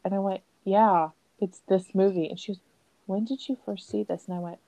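A woman's voice: medium pitch, unhurried, pauses often, no room sound, low-quality recording. A woman in her thirties, a podcast host in casual chat, telling stories with lots of laughter and acted-out quotes. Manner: animated storyteller, laughs often, acts out quotes.

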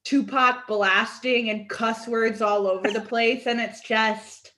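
A woman's voice: a little high, fairly even intonation, slow pace, bright, forceful tone. Bubbly young woman author, chatty guest. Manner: bubbly, says "like" a lot. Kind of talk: casual interview chat.

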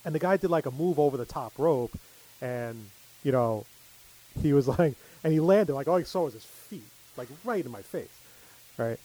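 A man's voice: mid-range voice, animated, normal speed, mellow, low-quality recording. A middle-aged man telling stories in casual chat, full of fillers. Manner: rambling storyteller, many fillers.

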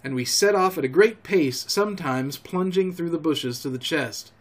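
A man hosting a storytelling show, reading a classic novel aloud in a calm, homely way. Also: a little high, moderate pace. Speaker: storyteller host.

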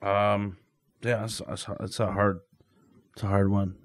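A man's voice: fairly low pitch, level tone, measured pace, no room sound, clean studio sound. A young man, a comedian guest on a podcast, talking casually with plenty of fillers and self-deprecating rambles. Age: young adult. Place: podcast studio.

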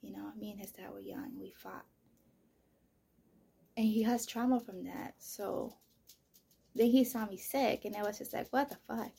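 Gravelly, husky woman telling a rambling story. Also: mid-range voice, moderate pace, pauses often. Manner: profane, rambling, full of "you know" and "like"; drifts into soft, breathy near-whispers. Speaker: podcast host. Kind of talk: casual personal storytelling.

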